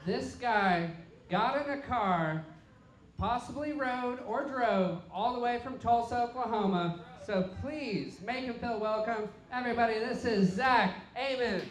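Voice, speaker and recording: A man's voice: very high voice, unhurried. A man hosting a comedy show, introducing the next comic with upbeat crowd hype. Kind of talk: emcee introductions. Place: brewery comedy stage, live crowd. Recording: roomy live-venue sound.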